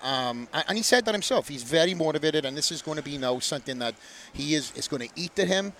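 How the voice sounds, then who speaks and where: A man in his thirties with a Welsh accent, talking as a podcast guest in an animated way, often repeating words as he goes. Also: on the high side, fast, a little hiss or hum. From Wales. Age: 30s. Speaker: guest, bodybuilder. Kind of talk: casual podcast chat.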